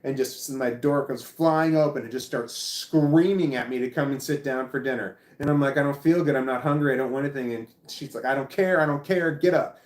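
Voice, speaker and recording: Man rambling through a personal story. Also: a little high. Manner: rambling, restarts often, swears. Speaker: vlogger. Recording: echoey room.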